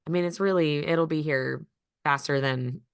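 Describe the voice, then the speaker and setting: A woman hosts a podcast and puts questions to her guest in a friendly, encouraging tone. Her voice sits slightly low, and the recording is dry and close. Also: moderate pace, clear, resonant tone, dry recording. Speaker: podcast host. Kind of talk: casual interview chat.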